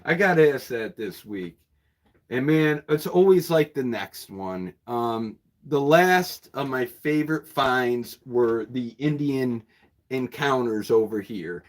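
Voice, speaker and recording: A man's voice: mid-range voice, expressive, slow. Rambling, chatty bookseller man. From New York State. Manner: rambling, repeats words, chuckles often. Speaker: bookseller and channel host. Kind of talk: casual livestream chat with viewers. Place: his bookshop.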